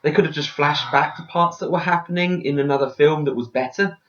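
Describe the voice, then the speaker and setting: A man's voice: a little high, a little fast, fairly bright tone, lo-fi sound, slight background noise. A man chatting casually about a film, making dry, wry remarks. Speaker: co-host reviewing a film. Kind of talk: casual chat.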